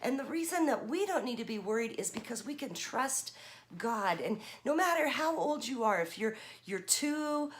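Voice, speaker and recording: A woman's voice: fairly high pitch, animated, moderate pace, slight background noise. A woman in her fifties, a children's pastor, reading a picture book aloud and asking the kids questions. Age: 50s.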